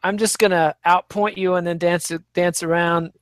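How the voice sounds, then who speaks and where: Blunt, crude high-voiced podcast man. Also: steady tone, normal speed, a bit bright, smooth, dry recording. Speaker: podcast co-host. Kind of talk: casual podcast banter.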